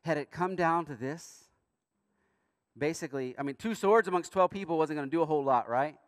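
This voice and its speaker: A man preaching a sermon as pastor in a church, earnest, with emphatic rising bursts and quiet asides. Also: fairly high pitch, fairly quick, no echo, studio quality, long reverb tail. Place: church sanctuary.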